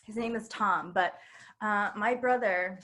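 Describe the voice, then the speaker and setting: A woman's voice: medium pitch, unhurried, pushed and bright. A woman telling a personal story at a live storytelling night, chatty and full of fillers and laughter. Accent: New York. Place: queer bookstore event space.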